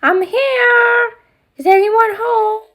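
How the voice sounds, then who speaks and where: A woman voicing a cheerful young mermaid princess in toy play, with a high, bubbly, sing-song manner. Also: very slow, a bit bright, exaggerated voice.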